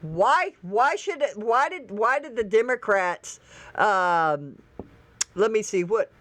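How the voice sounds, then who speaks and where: A woman's voice: medium pitch, animated, takes it slowly, a bit bright. A woman hosting online commentary, reading social media posts aloud with incredulous, sarcastic asides. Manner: reads posts aloud and laughs.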